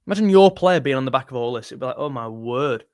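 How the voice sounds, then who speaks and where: A young man hosting a casual fan live stream, excitable and jumpy, talking straight to his chat. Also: medium pitch, fast, clear, resonant tone, no echo. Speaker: football fan channel host.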